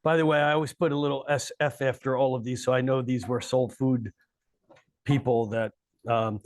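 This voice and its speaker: A man's voice: mid-range voice, fairly even intonation, normal speed. A man giving a live astrology talk to an audience in a coffeehouse, with wry joking asides.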